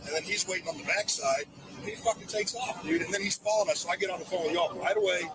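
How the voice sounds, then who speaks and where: A man excitedly telling police about a dispute, swearing and acting out the other man's lines. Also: high-pitched, quick pace, distant mic, very noisy. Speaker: man involved in a roadside dispute. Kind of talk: agitated account to police.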